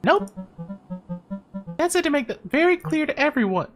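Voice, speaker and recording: A woman puts on an eager, chatty six-year-old girl in a game, pitched well above her own voice. She is bubbly and excited, and her pitch bounces around a lot. Faint music sits underneath. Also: moderate pace. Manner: excited, bubbly, broken grammar when reading. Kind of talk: voice-acting a game.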